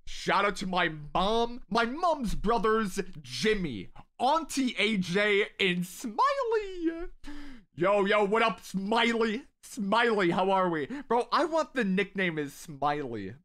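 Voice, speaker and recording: Chatty, slightly high-voiced male streamer. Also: lively intonation, takes it slowly, few pauses. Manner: rambling and talkative, shouting out viewers. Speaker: live-stream gaming host. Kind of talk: casual live-stream chat. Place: at home.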